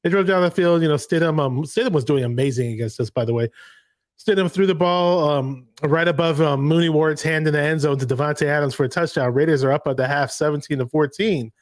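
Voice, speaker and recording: A man hosting a live sports reaction show, recapping a game in an excited, rambling way. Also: a little high, brisk, no echo, studio quality. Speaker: podcast host.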